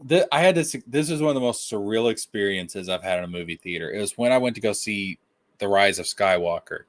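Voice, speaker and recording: A man in casual chat, ranting with animated, profane mock outrage. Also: lowish voice, brisk, no room sound. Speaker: podcast co-host.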